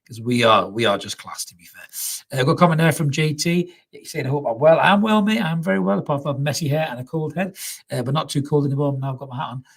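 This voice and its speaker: A husky-voiced middle-aged man, chatting casually as he hosts a live stream. He talks at an ordinary pitch, swears freely and piles on repeats like "really, really" for emphasis. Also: fast talker. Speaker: fan channel host reading live chat.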